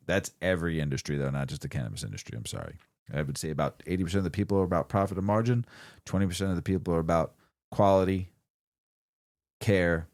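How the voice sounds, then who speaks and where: A man's voice: a bass voice, darkish tone, no room sound, clean studio sound. A man co-hosting a casual podcast, reading news in a laid-back way, laughing often and stumbling over foreign words. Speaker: podcast co-host.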